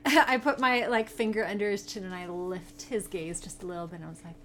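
A woman's voice: mid-range voice, fairly even intonation, a little fast, fairly bright tone. A young woman player talking in a playful, teasing way during a tabletop game. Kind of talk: casual tabletop play.

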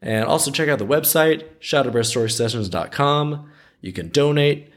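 Speaking at normal speed in a medium pitch, a male podcast host reads a folk tale out loud. He interrupts the storytelling with casual commentary, offering skeptical, wry remarks that tend to ramble.

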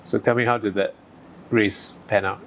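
Low-voiced male interviewer, faint noise. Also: steady tone, moderate pace, a bit bright, rough recording. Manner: brief, prompting questions. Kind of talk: interview questions.

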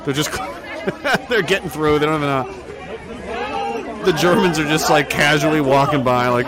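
A man's voice: a little high, unhurried, long pauses, over a noisy crowd. A man giving a heated, profane commentary that rambles with restarts. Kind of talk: casual political rant.

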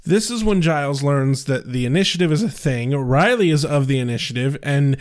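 A man co-hosting a casual TV recap podcast, telling the story in a profane, animated way. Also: a little high, fairly quick. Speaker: podcast co-host. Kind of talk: casual chat recapping a TV episode.

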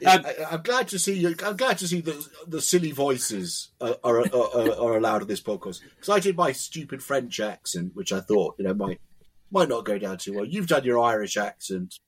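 A man's voice: mid-range voice, breathy edge. A man, a wine writer, guesting on a podcast in casual chat. He tells stories with animation and halts to restart his sentences. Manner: animated storyteller, halting restarts.

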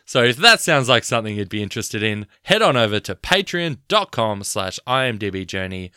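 A man's voice: on the low side, sing-song, fairly quick, bright, forceful tone, smooth, no echo, studio quality. A man co-hosting a casual film podcast, teasing his partner in playful banter. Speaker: podcast co-host.

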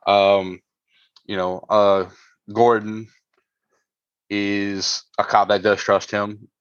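A man's voice: fairly low pitch, little pitch movement, drawn-out words, smooth, no echo, lo-fi sound. A man co-hosting a podcast, chatting casually and rambling with lots of fillers and restarts. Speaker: podcast co-host.

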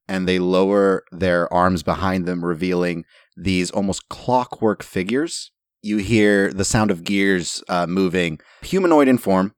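A man with a very low voice guides players through a tabletop game as its game master. He sets scenes in a measured, descriptive way. The sound is dry and close. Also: no echo. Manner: descriptive, unhurried scene-setting.

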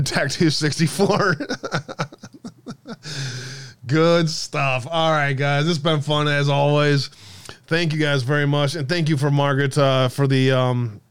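A man's voice: a little high, fairly even intonation, unhurried, smooth. A man hosting a casual livestream, jokey and sarcastic, laughing often as he talks to his viewers. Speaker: livestream host.

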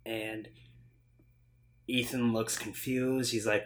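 A man's voice: medium pitch, measured pace, a little hiss or hum. A man co-hosting a casual chat, retelling a movie scene in a loose, rambling way with lots of fillers. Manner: rambling, animated retelling with acted-out quotes. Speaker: podcast co-host.

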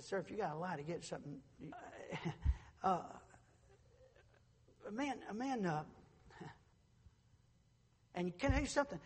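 A middle-aged man preaching a sermon as pastor, moving between quiet storytelling and shouted proclamation. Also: sits high, husky, big-room sound.

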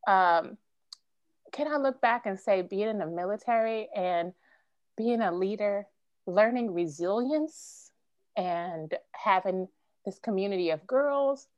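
A woman's voice: medium pitch, takes it slowly, no echo, muffled recording. A middle-aged woman speaking earnestly and emotionally as a podcast guest. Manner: earnest, emotional, faith-driven storytelling. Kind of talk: candid interview conversation.

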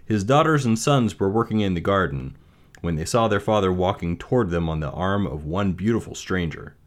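A man reading a fairy tale aloud and then reflecting on its lessons, in a measured, gentle way. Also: deep voice, expressive. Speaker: storyteller.

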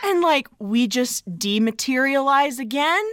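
A woman's voice: sits high, expressive, measured pace, no echo, clean studio sound. A woman co-hosting a podcast, retelling a movie in chatty, casual talk full of "like". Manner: chatty, peppered with "like". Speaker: podcast co-host. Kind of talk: casual movie recap chat.

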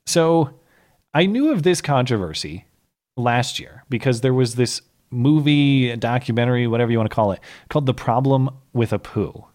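A man hosting a podcast, explaining his point at length in an argumentative, conversational way. His voice sits at a typical male pitch, neither high nor low. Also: lively intonation, normal speed, a little mellow. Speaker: podcast host. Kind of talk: casual political commentary.

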